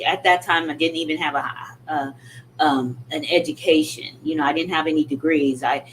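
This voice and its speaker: A woman's voice: deep voice, moderate pace, a little hiss or hum. A middle-aged woman giving a candid, emphatic motivational talk. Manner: candid, emphatic, animated in quoted retorts. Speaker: motivational speaker.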